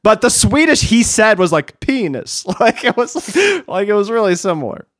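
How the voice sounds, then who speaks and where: Lively, laughing podcast co-host. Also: mid-range voice, normal speed, dry recording, studio quality. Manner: laughs often, animated, swears. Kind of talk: casual movie recap chat.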